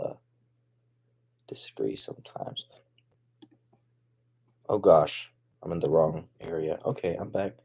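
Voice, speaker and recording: A man rambling through a silly comedy bit in a mellow, dark-toned voice. His pitch swoops around a lot as he stammers, trails off into mumbles, then bursts out again. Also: slightly rough. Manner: rambling, stammering, swinging from mumbled asides to excited outbursts. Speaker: comedic vlogger. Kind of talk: absurd improvised comedy monologue.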